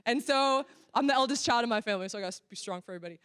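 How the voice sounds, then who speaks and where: A woman's voice: on the high side, racing, fairly bright tone, clear, resonant tone, no room sound. A woman giving an earnest, candid church workshop talk, full of casual fillers. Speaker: workshop speaker. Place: church venue.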